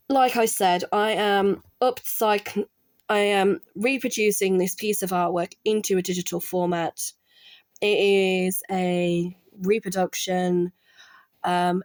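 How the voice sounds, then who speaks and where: A woman's voice: fairly low pitch, a little mellow, dry recording. A middle-aged woman chatting casually while she works on art, rambling with restarts and quoting people she worked with. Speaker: artist and former college art support worker.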